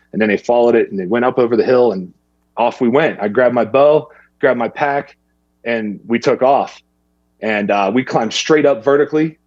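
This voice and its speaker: A man's voice: mid-range voice, dry recording, highs cut off. A man, casually telling a hunting story and acting out what people said to him. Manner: animated, acts out other people's lines in a raised voice.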